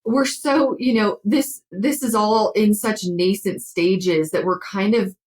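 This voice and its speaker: Woman counselor talking thru ideas in an interview, easygoing, lots of "you know"s, mid-pitched voice. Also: steady tone, slow pace, low-quality recording. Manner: warm, explanatory, frequent fillers. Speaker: guest counselor. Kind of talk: conversational interview.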